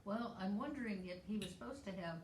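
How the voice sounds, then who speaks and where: A woman's voice: medium pitch, quick pace, a little mellow. Woman cook chatting in echoey kitchen. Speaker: cook and co-host. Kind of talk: casual livestream chat. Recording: echoey room, mic far off, background noise.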